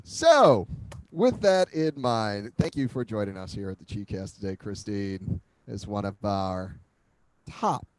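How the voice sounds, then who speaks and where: This Philadelphia podcast host talks in a fairly low, unhurried voice. He keeps the interview a casual chat, animated and full of jokes and frequent laughter.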